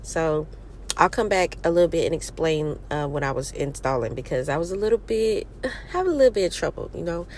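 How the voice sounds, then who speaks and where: Young woman vlogger, fairly low voice, stuffy nose from a cold, chatty and upbeat, talks at home. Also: lively intonation, brisk, a little mellow, slight background noise. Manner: chatty and upbeat, slangy, addresses viewers as y'all. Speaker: beauty vlogger. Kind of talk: casual vlog chat. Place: room at home.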